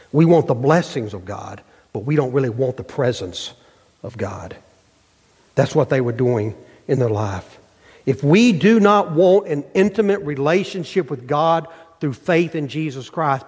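A man's voice: medium pitch, a little mellow, slightly rough. Man preaching a sermon with rhetorical questions. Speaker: pastor. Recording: long hall reverb.

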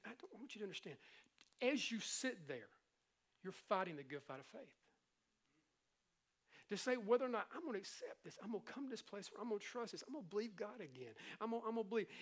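A middle-aged man preaching a sermon as pastor, animated and conversational, slipping into playful impressions. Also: sits high, fast.

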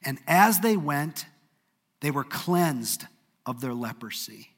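A man preaching a sermon, telling a story earnestly, sometimes brisk and sometimes dropping to a hush. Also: a little high, animated, in a large hall. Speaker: pastor.

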